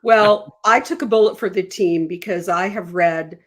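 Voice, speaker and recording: A woman's voice: medium pitch, normal speed, a bit bright. A woman guest on a podcast, chatting in a wry, emphatic way. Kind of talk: casual chat.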